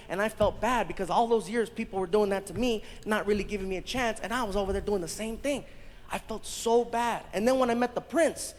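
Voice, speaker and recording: A man doing stand-up comedy on a live stage, telling a story with animated voices. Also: sits high. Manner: animated, acts out characters. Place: large theater stage. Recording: live show in a big hall with reverb.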